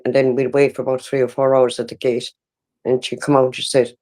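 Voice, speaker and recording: A woman in her sixties with an Irish accent, giving halting, emotional personal testimony in an interview and often breaking off and restarting. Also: extremely low pitch, flat delivery, mellow. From Ireland. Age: 60s.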